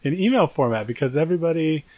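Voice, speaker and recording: A young man co-hosting a podcast, telling a story in a rambling, self-mocking way and jumping into a high voice for quoted lines. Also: lively intonation, fast, a little mellow, no room sound. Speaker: podcast co-host. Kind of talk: casual storytelling chat.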